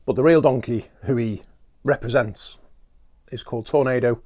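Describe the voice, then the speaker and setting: A man's voice: medium pitch, moderate pace, a little mellow. A man hosting a podcast, rambling through a chatty, self-mocking solo comic monologue. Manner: talks while eating at times. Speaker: podcast host.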